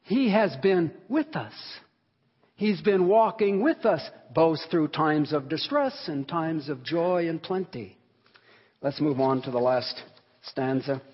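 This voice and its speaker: A man's voice: fairly high pitch, lively intonation, takes it slowly, breathy edge. A man preaching a sermon on a hymn, earnest and emphatic, rising and falling in volume as he stresses words. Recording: long hall reverb, dull sound.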